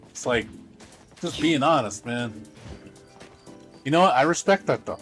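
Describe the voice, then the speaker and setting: A male streamer chatting to his audience in a loose, rambling way. He is blunt and candid and swears freely. Faint music plays quietly behind his voice. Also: medium pitch, expressive, measured pace, pauses often. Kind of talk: casual livestream chat.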